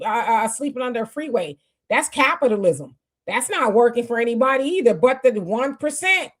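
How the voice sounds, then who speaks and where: A woman in her fifties hosting a live stream, talking to viewers in a loose, conversational way with fillers and restarts. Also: high-pitched. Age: 50s. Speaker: livestream host. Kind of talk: casual live talk to viewers.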